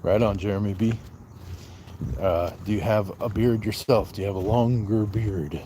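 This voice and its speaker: A man from the Southwest United States hosts a relaxed livestream, reading chat messages aloud and firing back quick, joking replies. His voice sits on the lower side. A faint outdoor hum of insects and passing traffic lingers behind him. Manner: playful, bantering, answers chat in quick asides. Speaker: livestream host. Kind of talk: casual livestream chat reading viewer comments. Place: outdoors on a walk.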